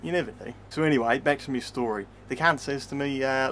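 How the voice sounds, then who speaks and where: A man's voice: medium pitch, fairly quick, fairly bright tone, slight background noise. Rambling, foul-mouthed Australian man. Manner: rambling, swearing constantly, tags sentences with mate. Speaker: storyteller. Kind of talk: profane comedic rant.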